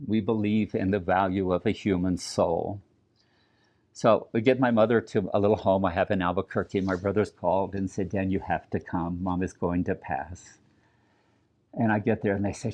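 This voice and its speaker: An older man from New Mexico, telling personal family stories at a community event in an earnest, reflective way, pausing and restarting as he speaks. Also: sits low, darkish tone. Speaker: storyteller. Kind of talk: personal storytelling talk.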